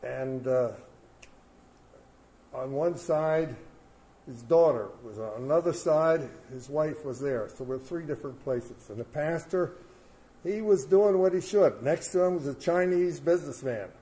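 A man's voice: a little high, unhurried, mellow, rough recording. A man speaking in church, telling a story in a plain, folksy way with small fillers. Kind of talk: sermon with storytelling.

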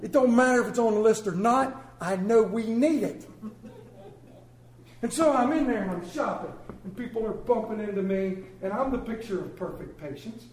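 A man with a fairly high, slightly mellow voice preaches a sermon at a moderate pace, telling folksy stories with comic exaggeration. The church room is echoey.

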